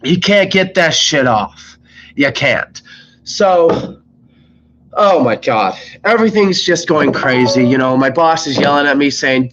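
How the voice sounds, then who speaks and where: A young man, sick, telling rambling, exasperated stories about his fast-food job on a live stream, swearing constantly. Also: fairly high pitch, animated, a bit bright. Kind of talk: casual live-stream storytelling. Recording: slightly dull lo-fi mic with faint noise.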